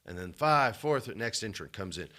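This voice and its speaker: A young man co-hosts a casual podcast chat with a bright, forward voice. He tells his story with lots of energy, jumping up loud for the big beats and dropping down low for the side remarks. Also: animated, moderate pace. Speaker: podcast co-host.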